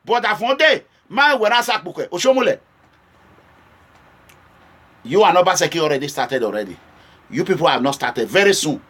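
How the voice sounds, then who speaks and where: Speaking straight to the camera, a Nigerian political vlogger from Edo State delivers a political address in a high voice. He is impassioned, shifting between stern warnings and urgent pleas, with a bright, forceful tone.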